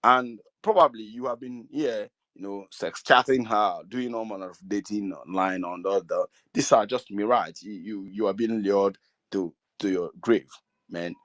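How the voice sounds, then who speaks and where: A middle-aged Igbo man with a Nigerian accent addresses an online gathering. His voice sits low and the sound is dry and close. He talks earnestly, repeats himself and pleads with his audience. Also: normal speed, a bit bright, no echo. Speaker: community speaker. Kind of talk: speaking to an online meeting.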